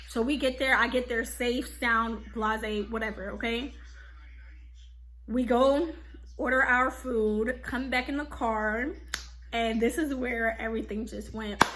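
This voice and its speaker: A young woman vlogger telling a casual storytime, animated and slangy, full of "like" and "okay?". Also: fairly high pitch, measured pace, slight background noise.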